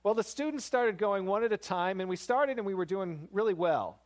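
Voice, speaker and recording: A man's voice: high voice, expressive, normal speed. Man preaching in a conversational tone. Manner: conversational, storytelling with rising emphasis. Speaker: pastor. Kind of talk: sermon.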